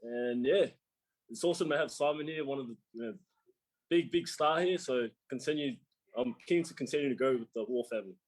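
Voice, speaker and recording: A man's voice: mid-range voice, a little fast, dry recording. A man with an Australian accent, an eager, upbeat barbering educator introducing himself.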